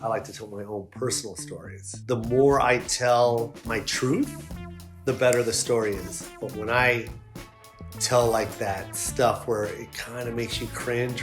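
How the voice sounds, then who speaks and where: A man's voice: mid-range voice, fairly even intonation, a little slow, roomy sound, over music. A male comedian talking in an interview, emphatic and indignant, with a lot of swearing. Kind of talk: animated interview talk.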